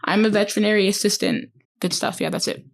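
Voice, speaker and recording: A woman's voice: medium pitch, steady tone, quick pace, vocal fry. A nineteen-year-old woman, a podcast guest, who teases with dry one-liners. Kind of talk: casual chat.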